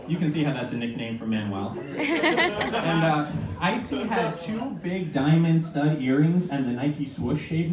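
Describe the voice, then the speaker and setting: A young man in his twenties performing a stand-up comedy set, telling self-mocking stories with quick asides. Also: on the high side. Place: small comedy venue with audience. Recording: echoey room from a far mic, noisy.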